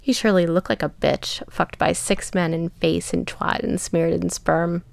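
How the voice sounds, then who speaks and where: A woman voicing a cruel, sadistic man who speaks in a low, hushed, often whispered taunting tone. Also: fairly even intonation, moderate pace, vocal fry, dry recording. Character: cruel, sadistic adult man, a paying client.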